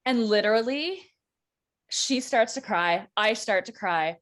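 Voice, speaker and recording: Animated woman telling a travel story. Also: medium pitch, measured pace. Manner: animated, acts out quoted voices, laughs often. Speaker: co-host. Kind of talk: casual storytelling chat. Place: church.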